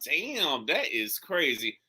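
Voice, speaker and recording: A man's voice: on the high side, takes it slowly, slightly rough. A man hosting a podcast, telling jokey stories in loose casual chat full of swearing. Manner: animated, swearing, jokey storytelling. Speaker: podcast host. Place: recording studio.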